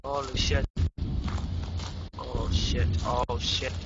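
A man's voice: medium pitch, level tone, drawn-out words. A young man playing a horror game live, panicky and cursing nonstop as he yelps in fright. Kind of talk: live gameplay commentary. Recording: muffled lo-fi mic with loud hiss.

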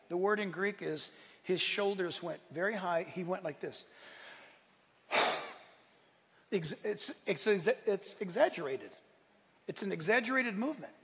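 A man preaching a sermon, lively, acting out quotes and asking his listeners questions. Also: high voice, long reverb tail. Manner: animated preaching, acts out quotes, asks the room. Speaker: pastor.

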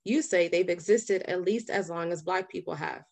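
Steady woman reading a book aloud. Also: on the low side, normal speed, creaky. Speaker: audiobook reader.

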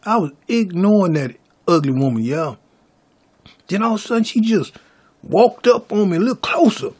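A man's voice: sits high, animated, normal speed, a little mellow, husky. A man vlogging a story to his viewers, stammering through restarts and calling them y'all.

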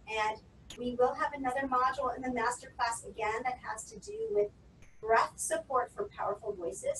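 A woman coaching public speaking in a webinar, calmly instructing and counting out breathing exercises. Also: high-pitched, gravelly. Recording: roomy echo, distant from the mic, faint noise.

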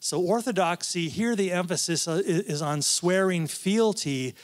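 A man's voice: high-pitched, normal speed. A man, a professor, giving a conversational talk at a church, with asides and frequent restarts. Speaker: guest speaker, professor.

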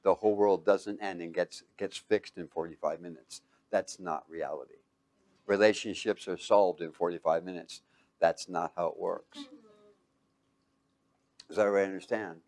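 Man quizzing his audience in a lively talk. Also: deep voice. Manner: quizzes the audience with fill-in questions; lively and emphatic, swinging from loud to hushed. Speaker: speaker teaching a live audience.

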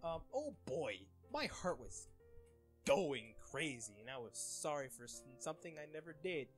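A man's voice: on the high side, big pitch swings, normal speed, soft background music. A young man reading fan comments aloud in casual chat, laughing often and getting flustered over names.

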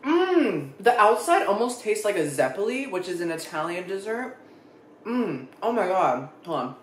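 A man's voice: high voice, very animated, normal speed. A young man in a casual food-tasting vlog, talking dramatically and expressively, swearing freely as he reacts. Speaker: food vlogger. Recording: echoey room.

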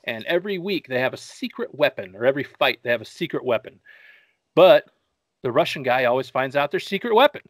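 A man with a medium-pitched, lively voice talks a little fast on a casual movie-review podcast, with no room sound. As the host, he rambles through the plot, cracking jokes and swearing along the way.

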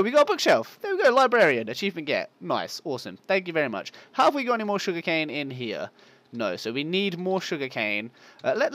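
Excitable man playing a game. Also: mid-range voice. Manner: excitable, self-mocking, talks to viewers; yelps at game monsters. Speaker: gaming channel host. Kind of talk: casual let's play commentary.

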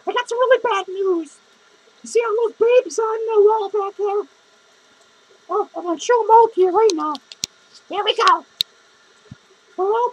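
Comic character: a man plays a boozy, cranky clown woman with a shrill, high voice, cursing through every line. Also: a bit bright, muffled recording. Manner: cursing constantly, rambling, grumbling. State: drunk. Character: foul-mouthed drunk lonely female clown. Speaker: podcast host character. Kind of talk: improvised comedy monologue.

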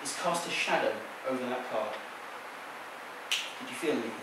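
A man's voice: medium pitch, moderate pace. Man, stage magician, playful teasing patter, distant mic, theater hum behind. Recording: echoey theater sound from a distance.

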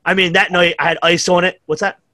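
High, level and fast, his bright, forceful voice carries rambling, foul-mouthed stories told as a podcast guest. He's a middle-aged New Yorker who acts out what people said, in casual conversation with no room sound.

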